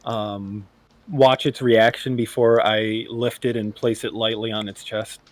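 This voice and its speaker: A man playing a tabletop game, calmly describing his character's actions with some fillers. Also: lowish voice, unhurried, no room sound. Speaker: player.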